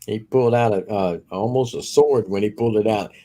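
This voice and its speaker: A man's voice: lowish voice, a little fast, warm tone. A man co-hosting a live stream, chatting easily, laughing often and reading out viewer comments. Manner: easygoing, laughs often, reads chat aloud. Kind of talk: casual chat.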